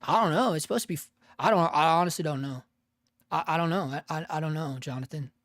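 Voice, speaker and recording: A man's voice: fairly high pitch, fast, a bit bright, no room sound, clean studio sound. A man hosting a casual live stream, laid-back and profane, laughing often and calling people dude and bro. He has an unusual voice that he uses for cartoon work.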